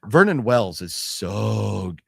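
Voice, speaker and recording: A man's voice: on the low side, sing-song, slow pace, creaky, fairly bright tone, slightly rough, dry recording, clean studio sound. A man co-hosting a casual show about a movie haul, rambling with restarts, swearing freely and reading product blurbs aloud. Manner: restarts sentences, hedging fillers. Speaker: co-host of a physical media haul show. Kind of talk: casual chat.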